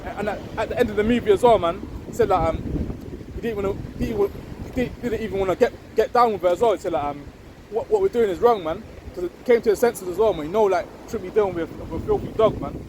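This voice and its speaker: Man, high voice, rambling casual preaching, wind buffeting the mic outdoors. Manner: rambling, tags lines with "man" and "innit"; reads scripture slow and loud. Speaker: street preacher. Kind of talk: informal religious preaching. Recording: windy outdoor recording with wind noise on the mic.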